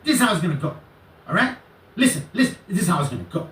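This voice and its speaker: A man impersonating a hot-headed, angry man who shouts and interrupts, in a shrill yelling voice. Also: sing-song, rapid-fire, roomy sound, distant mic. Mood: bossy.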